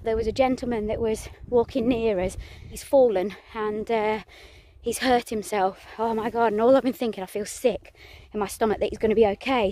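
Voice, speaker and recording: A woman's voice: on the high side, darkish tone. A middle-aged woman vlogging outdoors on a countryside walk, chatty and emotional, rambling with restarts and a little out of breath. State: a bit out of breath. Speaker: family vlogger. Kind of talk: casual vlog narration.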